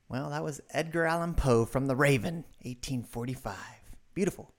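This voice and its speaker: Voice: mid-range voice, moderate pace, hardly any pauses. A radio host reading short items in a scripted segment, with dry, wry asides between them.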